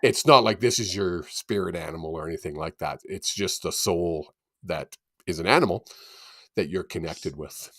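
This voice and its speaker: A man hosting a casual channeling session on a video call, animated and laughing often. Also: deep voice, no room sound, studio quality. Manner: animated, laughs often, quick bursts of excitement. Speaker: psychic medium host.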